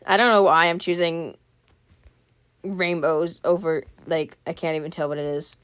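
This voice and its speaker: Read like a woman sharing a spooky story with her viewers, voice set a little low for a woman, the sound dry and close with no room around it. She keeps breaking off mid-sentence for jokes and quick apologies, then drops back into the story. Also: fairly even intonation, fairly bright tone, clean tone, no echo. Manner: breaks off reading to joke, comment and apologize. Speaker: channel host reading a scary story aloud. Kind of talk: casual read-aloud with chatty asides.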